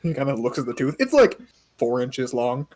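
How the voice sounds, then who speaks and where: A man narrating as game master of a tabletop game, relaxed and halting with many fillers. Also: medium pitch.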